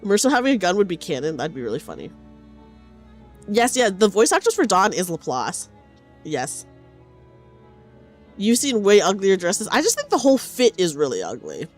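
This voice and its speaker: A woman streamer chatting casually with her viewers during a game, animated and chatty. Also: medium pitch, moderate pace, pauses often, soft background music. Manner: animated, chatty, reads chat aloud.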